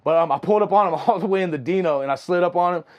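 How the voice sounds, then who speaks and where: A young man talks very quickly with a somewhat high voice, telling wild stories in loose, slangy chat. He keeps tossing in "you know what I'm saying" and keeps the energy high, speaking as a music producer guest on an interview. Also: muffled recording. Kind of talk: casual storytelling.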